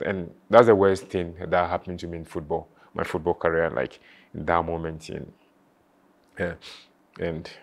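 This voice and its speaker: In this emotional interview, a former footballer reminisces in a very low, creaky, flat voice. His speech is halting and full of repeated words and "you know," and he sometimes comes near to crying.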